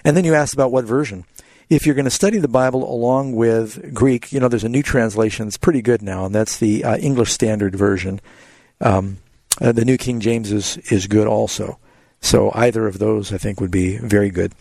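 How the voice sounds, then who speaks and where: A man, a pastor hosting a call-in radio show, answering Bible questions in a relaxed, explanatory way. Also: lowish voice, moderate pace, vocal fry, no echo.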